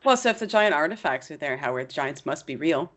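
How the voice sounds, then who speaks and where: A woman's voice: low-pitched, expressive, quick pace, a bit bright. Playful teasing woman author. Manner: playful, teasing, laughs often. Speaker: guest author. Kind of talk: casual conversation.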